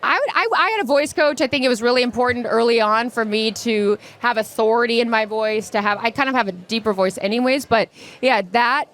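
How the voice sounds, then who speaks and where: Chatty fast-talking woman co-host. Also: fairly high pitch, fairly bright tone. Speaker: podcast co-host. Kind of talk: live podcast advice Q&A. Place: live stage event.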